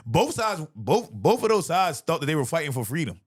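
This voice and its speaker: A man, a comedian hosting a podcast, in a profane, animated comedic rant, laughing often. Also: on the high side, brisk, slightly rough.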